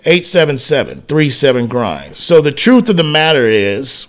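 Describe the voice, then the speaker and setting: A man's voice: mid-range voice, normal speed. A male sports talk radio co-host with a mid-range voice, spinning a casual anecdote. He slips into the voices of the people he quotes and keeps dropping "man" and "whatever" as he goes. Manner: animated anecdote teller who acts out quoted dialogue, frequent "man" and "whatever".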